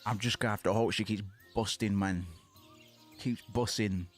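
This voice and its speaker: A man commentating on his own gameplay, swearing often and getting frustrated, sometimes chanting words loudly. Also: fairly low pitch, steady tone, normal speed, soft background music. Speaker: gaming streamer. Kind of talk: casual let's play commentary.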